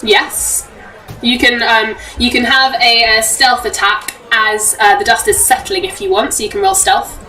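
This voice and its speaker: A woman narrating as game master, giggling often and filling pauses with ums. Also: sharp tone, far from the mic, soft background music, rough recording. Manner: giggly, lots of ums, puts on shrill crowd voices.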